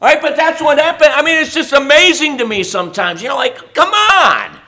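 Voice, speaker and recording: A middle-aged male pastor preaching a sermon in a college chapel, animated, swinging between loud and soft with mocking asides. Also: very high voice, moderate pace.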